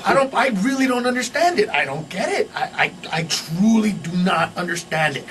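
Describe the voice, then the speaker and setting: A male comedian riffing as a guest on a radio morning show, shouting punchlines and laughing through his rants. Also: high voice, animated, normal speed, far from the mic, a little hiss or hum. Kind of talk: loud stand-up style riffing. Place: radio studio.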